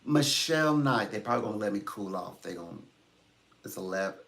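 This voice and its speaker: A man's voice: fairly low pitch, lively intonation, fairly quick, vocal fry, a bit bright. A man working as a psychic reader, chatting casually on a livestream in a rambling way and chuckling often.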